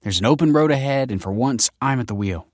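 A man voicing a sharp-tongued young woman. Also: mid-range voice, lively intonation, brisk, dry recording, clean studio sound, pitched above the performer's own voice, lightly acted. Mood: teasing. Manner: sharp, snappy banter. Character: brash, teasing young adult woman.

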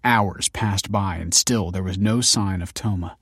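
Brief: male narrator, measured storybook delivery, low voice, dry close sound. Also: slightly rough, no echo. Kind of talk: scripted audiobook narration.

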